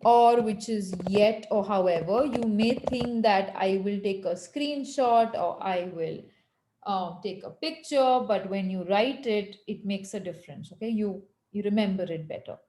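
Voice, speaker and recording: A woman teaching French on a video call, patiently correcting students and slowing down to model phrases. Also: mid-range voice, mellow, roomy sound, low-quality recording. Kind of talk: online language lesson.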